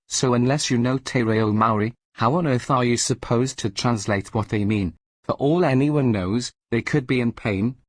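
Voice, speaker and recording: A New man reads out a scripted political rant, his tone indignant and mocking. His voice sits at an ordinary middle pitch, and the recording is dry with no room sound. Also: no echo. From New Zealand. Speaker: political commentator. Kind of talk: scripted opinion monologue.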